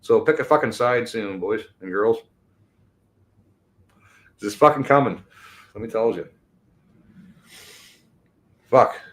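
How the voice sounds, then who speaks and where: A man, delivering an angry, profane rant that swings between shouted bursts and low mutters. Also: slow, pauses often. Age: 50s. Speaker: show host.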